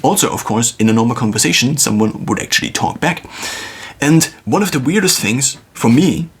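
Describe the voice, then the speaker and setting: Husky man musing to camera. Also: mid-range voice, animated. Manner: musing, thinks aloud with pauses and restarts. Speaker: video creator. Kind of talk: reflective solo monologue. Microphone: phone.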